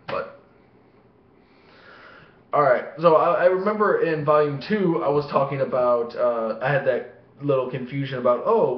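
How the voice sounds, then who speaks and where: A man telling rambling, profane stories to the camera, often laughing at his own tales. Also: mid-range voice. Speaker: vlogger. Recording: echoey room, dull lo-fi sound.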